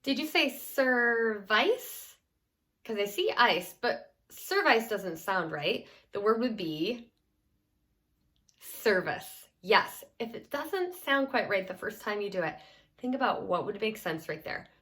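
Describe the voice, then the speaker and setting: A woman leads a children's reading lesson at an unhurried pace. She stretches out sounds and syllables with care and keeps an encouraging tone throughout. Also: medium pitch, very animated, a bit bright. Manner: slow, clear, encouraging teacher talk with sounded-out words. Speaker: teacher.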